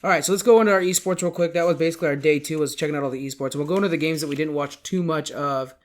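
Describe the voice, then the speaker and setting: A man with a somewhat high voice hosts a casual gaming podcast. He rambles through results, often stopping to correct himself mid-sentence. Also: rapid-fire. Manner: rambling, self-correcting esports recap. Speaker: podcast host.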